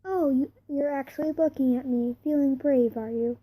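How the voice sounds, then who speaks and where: A woman's voice: sits high, fairly even intonation, normal speed, phone-quality sound. Woman reading a cold, sarcastic demon. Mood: mocking. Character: cold, sarcastic male demon, calm and mocking. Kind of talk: fan fiction reading.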